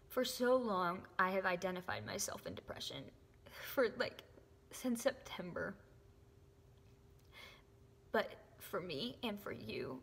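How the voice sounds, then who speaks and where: A young woman gives an earnest, emotional faith testimony to camera, often dropping to a soft whisper. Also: medium pitch, big pitch swings, takes it slowly, vocal fry, long pauses, husky. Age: young adult. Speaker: faith vlogger. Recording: echoey room with long reverb.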